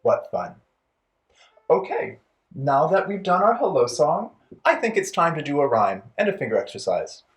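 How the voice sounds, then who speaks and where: Playful, lively children's storytime host. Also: medium pitch, moderate pace, faint music behind. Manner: playful, encouraging, talks directly to young children. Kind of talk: children's storytime with songs and rhymes.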